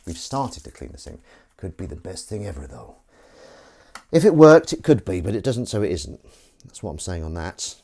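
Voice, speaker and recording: A man's voice: low voice, sing-song, fairly quick, gravelly, warm tone, slightly rough. A man hosting a casual live stream, rambling and self-mocking as he tries out a gadget. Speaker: livestream host. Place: outdoors in wind.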